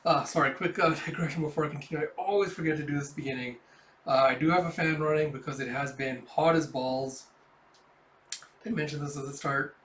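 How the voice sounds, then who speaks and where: A man's voice: fairly high pitch, fairly even intonation, quick pace, fairly bright tone, slight background noise. Man recapping a comic, echoey room. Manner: rambling, chatty asides. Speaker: manga reader and reviewer. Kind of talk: casual story recap. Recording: echoey room, mic at a distance.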